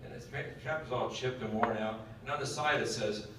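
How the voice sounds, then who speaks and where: A man tells a long, folksy joke and throws questions at his audience. His voice sits at a middle pitch and comes from a distance in a very echoey hall, with faint room noise behind it. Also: a little fast. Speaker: speaker at a military education session. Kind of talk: storytelling lecture.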